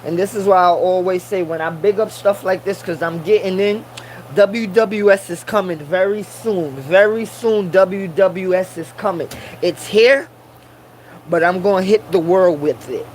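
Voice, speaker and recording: A man's voice: high voice, unhurried, slight background noise, low-quality recording. A man in a casual monologue who preaches and repeats his points for emphasis, using Rasta slang and Caribbean English grammar.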